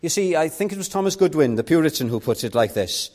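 A man's voice: a little high, brisk. A man with a Welsh accent preaching an earnest evangelistic sermon, pleading and building to emphatic repetition.

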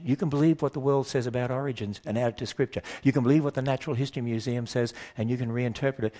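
Man, preaching to a church crowd, emphatic, questioning, mid-pitched voice. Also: fairly even intonation, mellow. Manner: emphatic, asks the audience many questions; acts out quoted voices in quick back-and-forth. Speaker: speaker. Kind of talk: preaching talk to a church audience.

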